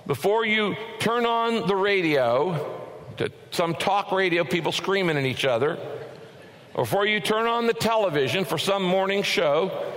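A male pastor delivers an emphatic sermon to his congregation, his voice sitting fairly high for a man. He restarts and repeats phrases as he drives each point home. The sound carries a long reverb, as in a large hall. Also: lively intonation, a little slow, a bit bright.

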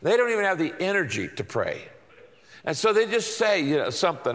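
A man's voice: high voice, very animated, fairly quick, a bit bright. A male pastor giving a sermon. He uses an emphatic, repetitive teaching rhythm and keeps asking rhetorical questions. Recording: long hall reverb.

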